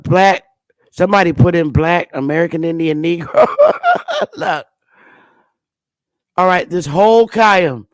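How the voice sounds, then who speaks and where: Woman livestream host, slow and unhurried, blunt and profane, quick to exclaim, dry close sound. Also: low-pitched, dry recording. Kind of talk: casual livestream commentary.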